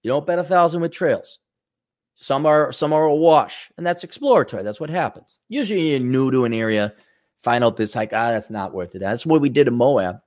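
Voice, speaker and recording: A man's voice: fairly high pitch, expressive, fairly quick, a little mellow. Profane rambling male talk host. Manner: profane, sarcastic rambling with mock voices. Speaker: show host. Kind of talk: rambling monologue.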